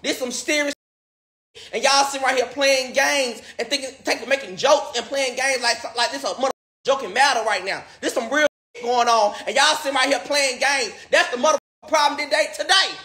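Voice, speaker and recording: High, bright-voiced man ranting in an echoey room. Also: brisk. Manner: pleading, repetitive, swearing. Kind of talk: livestream rant.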